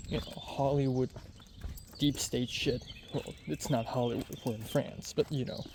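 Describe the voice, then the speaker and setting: A man's voice: mid-range voice, fairly even intonation, moderate pace, background noise. A man in his twenties telling a story in a casual vlog, rambling and chatty with lots of fillers. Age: 20s. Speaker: vlogger.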